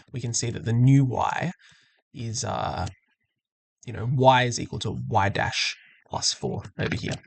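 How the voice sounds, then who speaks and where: A man's voice: mid-range voice, creaky, a bit bright, breathy edge, dry recording. A man teaching maths, walking through an exam question patiently and methodically and correcting himself as he goes. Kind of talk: screen-recorded exam walkthrough.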